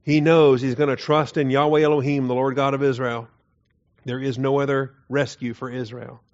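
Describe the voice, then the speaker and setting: A man teaching through Bible verses in an earnest, emphatic way, often dropping his voice low to stress a point. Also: flat delivery, normal speed. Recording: dull lo-fi recording.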